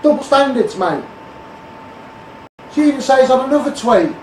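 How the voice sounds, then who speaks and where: A man's voice: extremely high pitch, animated, normal speed, slight background noise. Blunt Scouse man ranting, roomy and distant. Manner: blunt, repetitive, calls people out by name and asks "mate". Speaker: street campaigner. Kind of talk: ranting political monologue.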